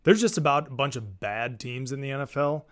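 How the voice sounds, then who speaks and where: A man's voice: mid-range voice, a little fast, fairly bright tone. A man co-hosting a podcast, bantering and teasing about football. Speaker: podcast co-host. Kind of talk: casual sports chat.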